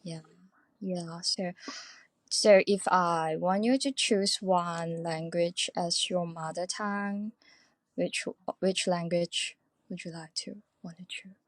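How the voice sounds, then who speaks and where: Woman, lowish voice, dry close sound, careful questions, bit of broken grammar. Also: fairly even intonation, takes it slowly, no room sound. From China. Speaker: caller. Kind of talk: casual chat over a live call.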